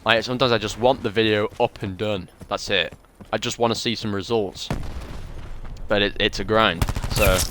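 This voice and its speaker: A man's voice: lowish voice, noisy background. A young man rambling and joking about himself as he chats casually to viewers while streaming a shooter game. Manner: rambling, chatty, self-deprecating. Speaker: gaming streamer. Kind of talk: casual live-stream commentary while playing.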